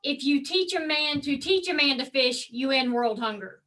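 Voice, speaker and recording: A woman's voice: high-pitched, lively intonation, moderate pace, a bit bright. A woman speaking up in an online meeting over a video call, playful and casual as she tells a joke. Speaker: meeting participant. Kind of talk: casual chat.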